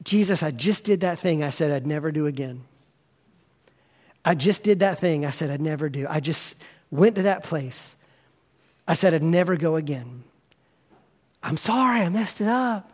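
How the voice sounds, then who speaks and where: A man's voice: extremely high pitch, brisk, heavily acted. A man doing a remorseful praying believer. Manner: pleading, apologetic, hushed.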